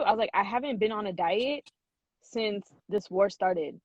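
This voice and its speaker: A woman's voice: medium pitch, normal speed, dry recording. A young woman hosting a podcast, chatting casually and teasing her guest, laughing often. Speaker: podcast host. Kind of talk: casual chat. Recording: dull lo-fi sound.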